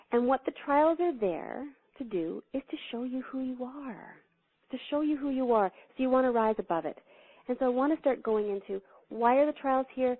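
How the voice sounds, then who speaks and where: A woman spiritual teacher telling stories as an interview guest, animated and laughing, acting out the quotes she tells. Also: fairly high pitch, no room sound. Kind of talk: storytelling spiritual talk. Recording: thin phone-line sound, dry.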